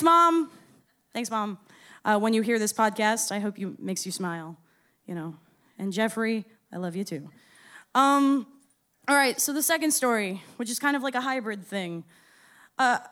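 A woman in her thirties tells a story live on stage in a high, bright-ringing voice. Her delivery is casual and self-deprecating, peppered with swearing and quick laughs. The tone stays clean and clear throughout. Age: 30s. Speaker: storyteller and musician.

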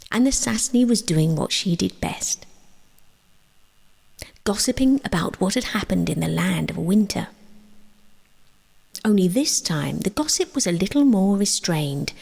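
A woman reading her own sleep story aloud, gentle and slow, often dropping into a whisper. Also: medium pitch, vocal fry, slightly rough. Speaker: storyteller and author.

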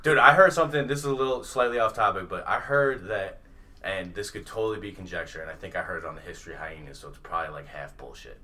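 A man co-hosting a casual podcast chat, animated and profane, often laughing. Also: sits low, fast. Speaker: podcast co-host. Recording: distant mic with faint ambience.

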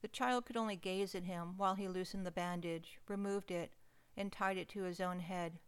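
A woman narrating a first-person story in an expressive, emotional reading. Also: on the low side, moderate pace, clear, resonant tone.

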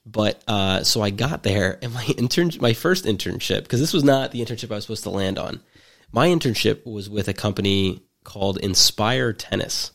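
Young man with a gravelly, low voice. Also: moderate pace, fairly bright tone. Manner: rambling, full of fillers and restarts; wry, jokey storytelling. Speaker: podcast storyteller. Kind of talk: casual chat.

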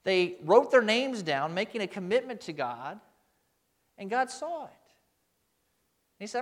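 Male pastor, high-pitched voice, sermon, emphatic, rhetorical questions. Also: very animated, measured pace, pauses often.

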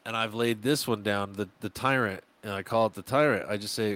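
A man's voice: lowish voice, a little fast. Man, podcast guest, casual chat, acts out quotes, cusses. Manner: animated storyteller, acts out quotes, swears freely. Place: podcast studio.

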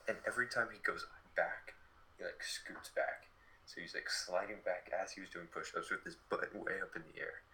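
A man's voice: sits low, normal speed, low-quality recording. A young man in his late teens telling a story in a casual, chatty way, full of fillers. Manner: chatty, many fillers, lively retelling.

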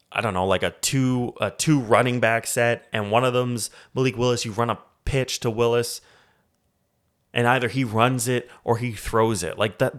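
A man from Canada hosting a solo sports podcast, ranting in a heated, profane way about football. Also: medium pitch. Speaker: podcast host.

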